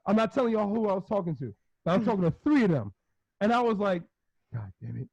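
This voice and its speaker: High-voiced, animated storytelling man. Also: fast talker, no echo. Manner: animated, rambling storyteller who laughs often and acts out quotes. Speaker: podcast co-host. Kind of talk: casual chat. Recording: dry, slightly muffled podcast recording.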